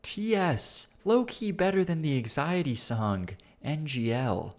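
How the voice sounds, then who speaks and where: A man's voice: fairly high pitch, expressive, measured pace. A man hosting a casual music reaction livestream, rambling and swearing, often restarting his sentences and laughing at himself.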